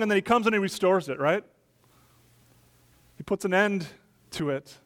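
A middle-aged man preaching a sermon as pastor, building to loud emphatic peaks and dropping soft. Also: sits high.

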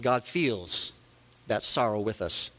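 A man's voice: fairly low pitch, animated, slow pace, a bit bright. A man preaching a sermon as a pastor, earnest, rising and falling for emphasis. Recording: long reverb of a large hall.

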